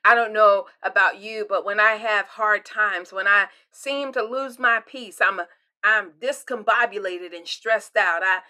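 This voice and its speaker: An older woman pastor giving a devotional sermon, delivered expressively, with her voice swinging from loud emphasis to hushed near-whispers. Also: mid-range voice, a little slow.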